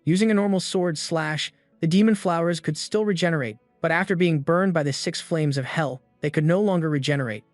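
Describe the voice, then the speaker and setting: A man's voice: on the high side, fairly quick, few pauses, no echo. A man steadily reading a scripted story recap. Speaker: narrator. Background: faint background music.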